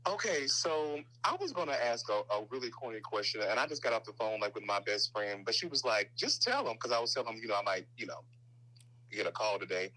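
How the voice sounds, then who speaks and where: A man from Nashville with a Southern accent, calling in and telling an animated story. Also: fairly low pitch, fast, poor audio. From Nashville, Tennessee. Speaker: caller. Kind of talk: phone-in question to a podcast.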